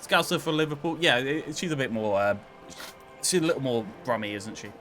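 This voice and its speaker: Guy doing chill game commentary, bright voice, wry asides, reads lines out. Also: medium pitch, expressive, a little fast, slight background noise. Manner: chatty, wry, reads game dialogue aloud. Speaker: gaming channel host. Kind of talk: casual gameplay commentary.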